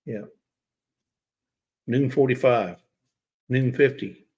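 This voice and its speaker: Male host, casual livestream chatter, teasing and talkative, mid-pitched voice. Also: takes it slowly, darkish tone, husky. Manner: chatty, teasing, talks straight to chat viewers.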